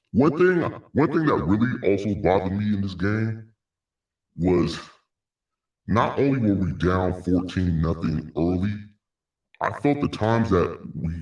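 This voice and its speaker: A man's voice: low voice, darkish tone, echoey room, distant mic, muffled recording. A man hosting a casual solo sports recap, rambling, repeating words, with frequent sighs and laughs. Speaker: sports podcast host.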